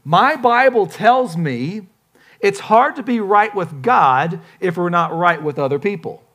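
A man preaching a sermon as pastor, casual and joking, with lively emphasis. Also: sits high, a little slow.

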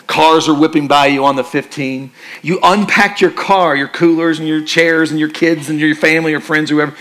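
A male pastor preaching a sermon in a conversational, joking style that turns quiet and earnest for emphasis. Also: on the high side.

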